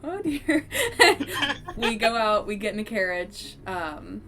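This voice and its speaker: A woman's voice: mid-range voice, lively intonation, measured pace, fairly bright tone. A woman narrating a tabletop game as game master, often laughing as she talks. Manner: giggly, bursts of laughter.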